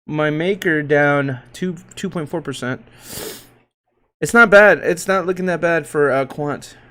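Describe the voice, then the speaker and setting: A man with a slightly higher-than-average voice runs a casual livestream, rattling off market figures. He's loose and slangy, swearing freely and breaking into hype shouts as he reads the tickers. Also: a little slow. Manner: loose, joking, profane, slangy; hype shouts and laughs while reading tickers. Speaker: crypto livestream host.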